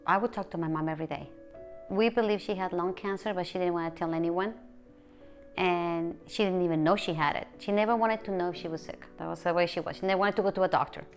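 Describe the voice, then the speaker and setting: An emotional woman from Mexico City is being interviewed about her personal life, her voice fairly low with soft music in the background. She retells events haltingly and emotionally, restarting many times.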